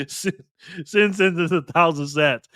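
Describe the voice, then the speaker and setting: A man's voice: on the high side, unhurried, pushed and bright, dry recording, clean studio sound. A man hosting a casual livestream, talking in a slangy, playful way and thanking viewers by name. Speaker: livestream host reading donations.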